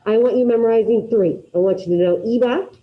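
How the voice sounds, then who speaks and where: A woman teaching a class, drilling her students through repetition and quizzing them with quick questions in an upbeat way. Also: fairly high pitch, muffled recording. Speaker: Spanish teacher. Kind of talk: classroom grammar lesson.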